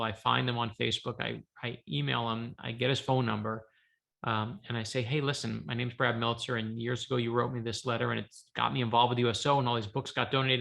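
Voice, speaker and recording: Gravelly bright-voiced male author telling stories. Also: mid-range voice. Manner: lively anecdotal, acts out dialogue. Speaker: author guest. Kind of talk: animated storytelling. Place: home office.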